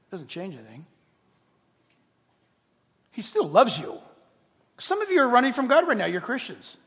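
An older man preaching a sermon, dropping to quiet intimacy and then rising to loud impassioned calls, acting out quoted voices with humor. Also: high voice, big pitch swings, moderate pace, long pauses, long reverb tail. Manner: acts out quoted voices, jokes with the crowd. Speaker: pastor.

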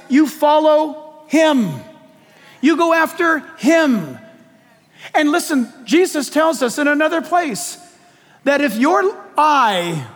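A man preaching a sermon in an animated, joking way, putting questions to his audience. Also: very high-pitched, in a large hall.

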